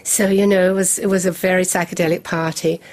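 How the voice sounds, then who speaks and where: An older woman from England, a guest in an interview, telling her stories in a lively, anecdotal way. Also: fairly low pitch, fairly quick. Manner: lively anecdotal storytelling with laughs. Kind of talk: storytelling interview.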